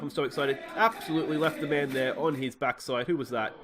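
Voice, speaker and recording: An Australian man hosts a let's play, talking casually about his football management game and erupting in excited shouts whenever a goal goes in. His voice sits in the mid range, he talks fast, and there's a lot of background noise.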